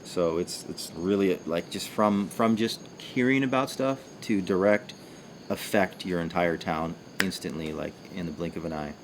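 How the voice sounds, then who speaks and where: A man chatting on a casual livestream, loose and rambling with plenty of fillers and jokes. His voice sits fairly low, with a faint hiss of background noise behind it. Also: moderate pace. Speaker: co-host of a livestream.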